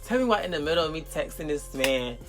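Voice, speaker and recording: A young man from South Florida telling an animated, profane storytime with slang, as a vlogger. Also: fairly high pitch, quick pace, over music. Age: young adult. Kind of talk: storytime vlog.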